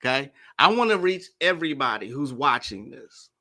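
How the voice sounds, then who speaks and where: A man commenting casually to viewers, speaking slowly and simply on purpose, repeating points and checking that viewers follow. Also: medium pitch, sing-song, pushed and bright. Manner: deliberately slow and simple.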